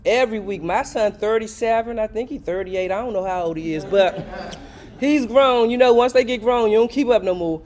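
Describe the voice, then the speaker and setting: An older man speaks up at a public hearing in a high-pitched voice. He is impassioned and pleading, and he circles back to the same points again and again. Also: moderate pace, darkish tone. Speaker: resident giving public comment.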